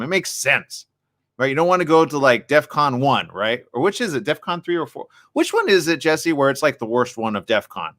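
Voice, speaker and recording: Lively chatty radio host man. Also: fairly high pitch. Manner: lively, chatty, quick asides. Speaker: radio morning show host. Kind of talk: casual radio chat and news reading. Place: radio studio.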